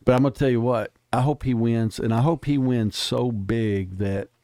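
A man's voice: mid-range voice, fairly even intonation, moderate pace, warm tone, dry recording, clean studio sound. A man speaking as an interview guest, emphatic and plainspoken, telling stories in casual talk.

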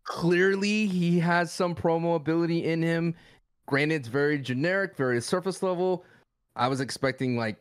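Podcast co-host, male, animated and playful, slightly high voice. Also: moderate pace, clear, resonant tone. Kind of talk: casual wrestling podcast chat.

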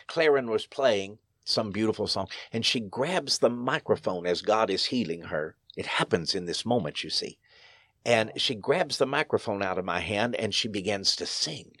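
A man's voice: fairly low pitch, lively intonation, moderate pace, fairly bright tone, no room sound, studio quality. A man, a pastor, telling stories in an interview in an earnest, emphatic way, his voice rising sharply on key phrases. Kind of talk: storytelling interview.

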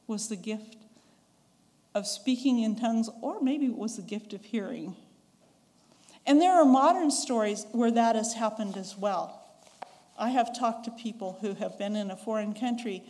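A woman's voice: fairly high pitch, darkish tone. Chatty woman preaching in a reverberant church. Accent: Western American. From western United States. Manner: conversational, chuckles, acts out quoted voices. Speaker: pastor. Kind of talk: sermon. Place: church sanctuary.

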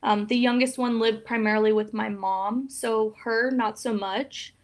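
A young woman with a slightly high voice talks as a podcast guest. She is open and a little emotional, soft-spoken, and pauses often on fillers. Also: fairly even intonation. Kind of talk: casual interview chat.

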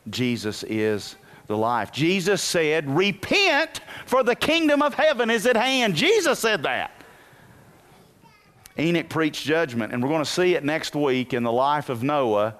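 A man preaching a sermon as pastor, moving from quiet asides to loud bursts and telling folksy, humorous stories. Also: fairly high pitch, sing-song, unhurried.

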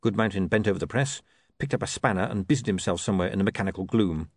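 A man's voice: on the low side, fast talker, husky, no room sound. A man reading a comic novel aloud as narrator, with wry, dry storytelling. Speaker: audiobook narrator. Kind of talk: scripted narration.

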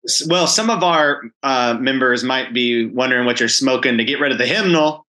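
A man's voice: mid-range voice, moderate pace, sharp tone, low-quality recording. A man who pastors a church, co-hosting a casual faith podcast and joking at his own slips. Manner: joking, self-deprecating. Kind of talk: casual chat.

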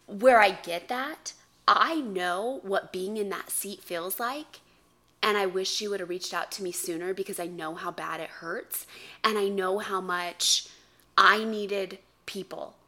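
A woman co-hosting a podcast in casual chat, an animated storyteller who laughs and swears freely. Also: mid-range voice, unhurried. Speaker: podcast co-host.

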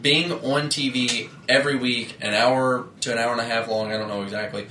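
A man's voice: medium pitch, steady tone, a little fast, bright, forceful tone. A man on a podcast who agrees easily and hedges his points with lots of fillers. His voice sounds roomy and echoey, with a faint noise under it. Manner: agreeable, hedging, many fillers. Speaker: podcast co-host. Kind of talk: casual podcast chat.

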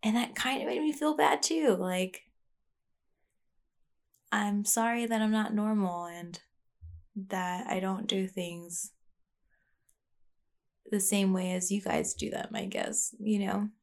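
A woman's voice: mid-range voice, takes it slowly, long pauses. A woman talking in a rambling, candid way, as a vlogger sharing a personal rant. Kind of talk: casual confessional monologue.

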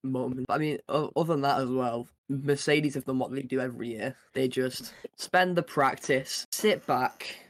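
A young man co-hosting a podcast in casual chat, relaxed and wry, with sarcastic asides. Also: medium pitch, normal speed, few pauses. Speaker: podcast co-host.

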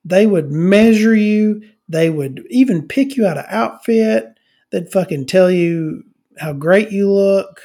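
A man's voice: sits high, lively intonation, slow pace, warm tone. A middle-aged man on a comedy podcast, ranting and rambling with constant swearing and many restarts.

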